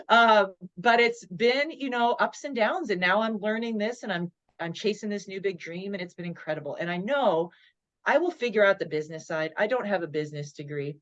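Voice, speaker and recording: A woman in her forties tells a personal story as a podcast guest. She talks in an animated way and slips into her own inner voice as she goes. Her voice sits in a middle pitch and comes through slightly dull, lo-fi audio. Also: normal speed. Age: 40s. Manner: lively, acts out her own inner dialogue. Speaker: podcast guest, motivational speaker. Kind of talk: storytelling in an interview.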